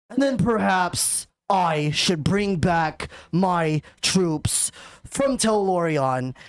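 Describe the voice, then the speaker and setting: A woman's voice: on the low side, darkish tone. A woman voicing a proud female trade merchant in a tabletop game.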